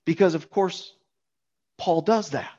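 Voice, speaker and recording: A man's voice: fairly high pitch, slow pace, dark tone, dull audio. A man preaching a sermon on a Bible passage, emphatic, repeating key words for stress.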